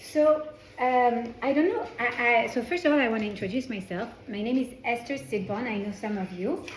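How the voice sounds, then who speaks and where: A woman's voice: a little high, normal speed. A woman from France with a French accent, teaching a Torah class in a chatty way and often restarting her sentences. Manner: chatty, self-correcting, with frequent restarts. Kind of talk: informal class lecture. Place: indoor class room with a small group. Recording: roomy echo in a class room.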